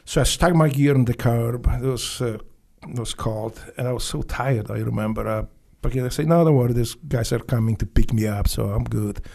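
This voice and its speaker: A man from Poland with a Polish accent, a former Navy SEAL, telling stories bluntly and profanely in halting, broken English with many restarts. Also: mid-range voice, creaky, a little mellow. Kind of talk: casual storytelling interview.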